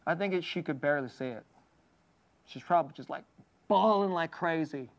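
A preacher giving a sermon, reading scripture aloud and explaining it in an earnest manner, often sinking to a soft, hushed voice. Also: medium pitch, a little fast, dull audio.

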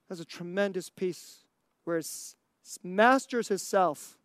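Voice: mid-range voice, moderate pace, dry recording, clean studio sound. A preacher giving a sermon, asking the listeners rhetorical questions and laughing between points.

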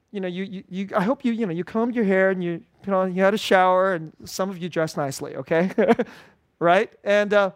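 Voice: mid-range voice, no room sound, clean studio sound. A pastor giving an informal, conversational sermon at a church service, repeating key phrases and chuckling often.

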